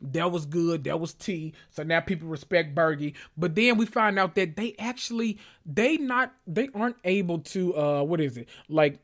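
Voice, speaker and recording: A male podcast host recapping reality TV in a sassy, animated, gossipy way. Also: a little high, moderate pace, few pauses. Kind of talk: casual reality TV recap monologue.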